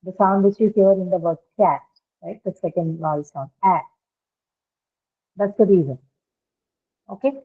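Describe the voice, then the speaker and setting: A woman's voice: fairly low pitch, normal speed, pauses often. Patient woman teaching over a tinny call. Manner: patient, explanatory, often checks understanding with "right?". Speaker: English teacher. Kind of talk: online pronunciation lesson. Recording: phone-like online call audio.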